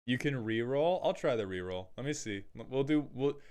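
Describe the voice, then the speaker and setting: A man casually joking his way through card game deck reviews, with quick self-deprecating asides. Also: medium pitch, expressive, a little mellow.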